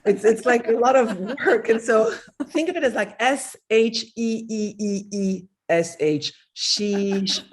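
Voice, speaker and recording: A woman's voice: on the high side, measured pace. Playful French woman guest. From France. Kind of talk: casual podcast chat.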